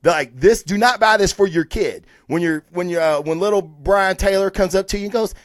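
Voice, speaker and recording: Male stream host reviewing comics: casual, rambling, profane, slightly high-pitched voice, dry close sound. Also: moderate pace, dry recording.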